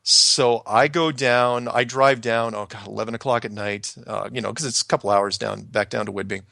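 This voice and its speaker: Gravelly man telling a story, dry sound. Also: mid-range voice, normal speed, no echo. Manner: animated, acts out quoted voices, laughs often. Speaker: storyteller guest recounting his past. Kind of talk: casual conversational storytelling.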